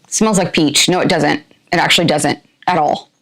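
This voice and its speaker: A woman's voice: sits low, steady tone, normal speed, fairly bright tone. Chatty woman in a put-on drawl. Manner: talks to viewers while opening items. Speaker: product reviewer. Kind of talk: casual unboxing review.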